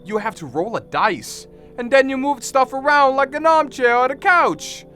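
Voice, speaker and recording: Guy doing a lil scared girl voice, texan drawl, high and bright. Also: animated, normal speed, faint music behind, heavily acted. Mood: timid. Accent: put-on Texan drawl. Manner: timid, pleading, childish. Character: scared little girl looking for her dad. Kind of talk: game dialogue read aloud.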